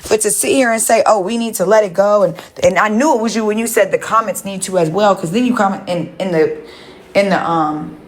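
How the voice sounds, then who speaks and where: A woman's voice: mid-range voice, fairly quick, echoey room, low-quality recording. A woman livestreaming, ranting at her chat in a profane, confrontational way and repeating herself. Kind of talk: heated live-stream rant to chat.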